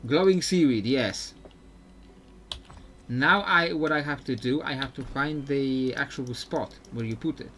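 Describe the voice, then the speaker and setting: A man giving live commentary while playing a video game. He thinks aloud in a chatty way, full of fillers, at an ordinary pitch, with a faint hiss behind him. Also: measured pace, a bit bright.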